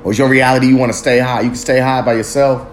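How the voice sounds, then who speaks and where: A man's voice: medium pitch, little pitch movement, quick pace, a little hiss or hum. A man hosting his own podcast, talking loosely and reflectively in street slang with lots of swearing and rambling asides. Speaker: podcast host. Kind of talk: casual solo podcast monologue.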